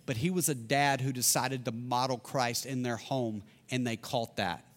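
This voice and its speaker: A man preaching a sermon as pastor, earnest and conversational, repeating key lines for emphasis and moving between loud declarations and hushed passages. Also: medium pitch, fairly even intonation, moderate pace.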